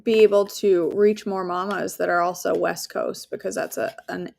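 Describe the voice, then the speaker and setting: Gravelly-voiced woman leading devotions. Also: on the low side, fairly even intonation, normal speed. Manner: warm, earnest, conversational, with fillers and asides. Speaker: host of a daily devotional. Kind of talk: devotional talk and prayer.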